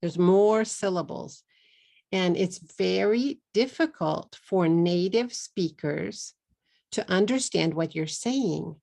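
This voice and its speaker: A middle-aged woman from Texas with a Texan accent, teaching an online English lesson in a slow, deliberate way and slipping into Japanese at times. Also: fairly low pitch, lively intonation, creaky, mellow. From Texas, USA.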